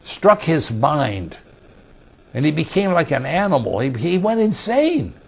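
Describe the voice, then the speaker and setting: A man preaching a sermon, emphatic and rising to loud scripture readings. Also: on the high side, huge pitch swings, a little slow, vocal fry, husky.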